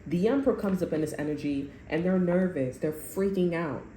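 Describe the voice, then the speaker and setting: A woman's voice: fairly low pitch, a little fast, dark tone. A woman doing a casual tarot reading, blunt and profane, rambling and repeating herself, recorded in a roomy space. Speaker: tarot reader. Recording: roomy echo with faint noise.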